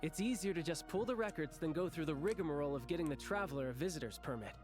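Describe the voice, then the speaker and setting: A man's voice: on the high side, animated, fast, lightly acted. A man voicing a cheerful, confident young male villain in a game, breezy and chuckling as he gives orders. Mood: playful. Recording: game voice over faint music.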